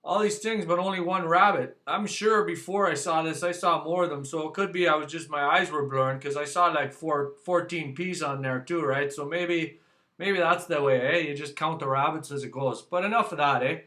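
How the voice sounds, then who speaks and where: A man's voice: fairly high pitch, moderate pace, sharp tone. A man with a Canadian accent, chatting casually as he reviews a beer for his channel, rambling and joking and ending his sentences with "eh". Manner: rambling, jokey, tags sentences with "eh". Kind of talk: casual chat to camera.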